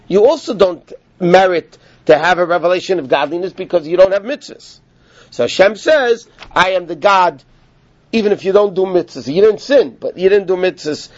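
Guy giving a torah class, kinda high voice, gets animated telling the story, muffled dry recording. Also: no echo. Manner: animated storytelling, rising with emphasis, Yiddish-inflected learning terms. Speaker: rabbi teaching a Torah class. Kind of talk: Torah lecture.

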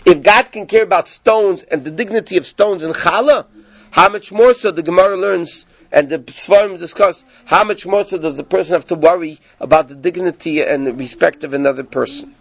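Guy teaching a torah class, high voice, animated, dry muffled sound. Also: a little fast, gravelly, breathy edge, no room sound. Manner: animated, rhetorical questions.

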